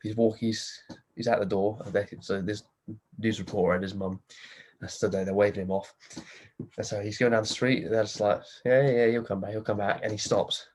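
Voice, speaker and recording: A man's voice: lowish voice, flat delivery, brisk, a little mellow. A man in casual podcast chat, telling a story animatedly and acting out the quotes.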